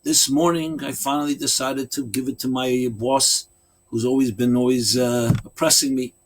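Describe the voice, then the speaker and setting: A man's voice: mid-range voice, flat delivery, moderate pace, natural voice. A man voicing a frustrated wife who lays out her grievances in a pleading tone. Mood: chatty.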